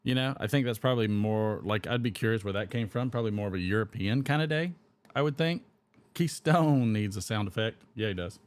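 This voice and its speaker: A man's voice: on the low side, fairly quick. Rambling man chatting on a live stream. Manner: rambling, reads chat comments aloud and chuckles. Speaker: host of a live pipe-smoking stream. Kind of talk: casual live-stream chat.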